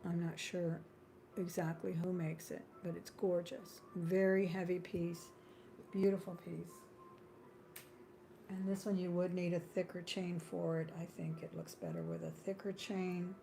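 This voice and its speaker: Mellow-voiced woman selling jewelry live. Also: on the low side, little pitch movement, a little slow, creaky, slight background noise. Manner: chatty and friendly, drifting into small talk and laughing often. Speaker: live-stream jewelry seller and host. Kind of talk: live-stream sales patter.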